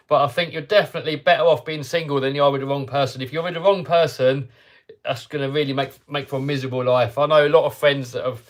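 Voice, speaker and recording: A man hosting a live stream, chatting casually and answering viewer comments in an upbeat, rambling way. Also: medium pitch. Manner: chatty and upbeat, with frequent self-interruptions. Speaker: host of a hobby channel livestream.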